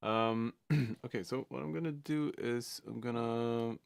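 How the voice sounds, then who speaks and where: A man's voice: mid-range voice, steady tone, a little slow, creaky, clean tone, no room sound. A man from Sweden, a music producer talking casually on a livestream, hesitant and full of fillers and restarts.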